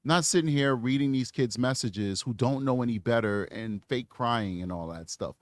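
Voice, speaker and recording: A man's voice: mid-range voice, moderate pace, no echo, studio quality. An American man hosting a live true crime show, giving emphatic, rambling commentary on clips and reading viewer chat.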